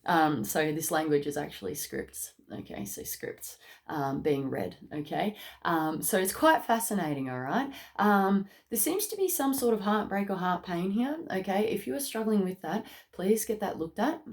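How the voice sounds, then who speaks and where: A woman giving a casual spoken tarot reading. She chats along, tagging lines with "okay?" and "mate", and bursts into excited rises. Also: mid-range voice, moderate pace, few pauses. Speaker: tarot card reader.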